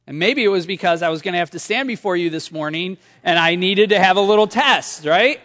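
A man with a fairly high voice preaches in a church sanctuary, and his words hang in a long hall reverb. He talks to the congregation conversationally, slipping into funny everyday stories between points. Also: a little fast, a bit bright. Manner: conversational storytelling with humor. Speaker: pastor. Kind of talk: sermon.

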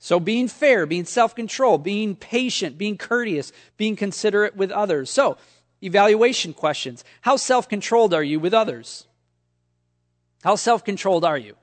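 A man with a fairly high voice preaches in a church sanctuary, and his words hang in a long hall reverb. He talks to the congregation conversationally, slipping into funny everyday stories between points. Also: lively intonation, moderate pace. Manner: conversational storytelling with humor. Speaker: pastor. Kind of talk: sermon.

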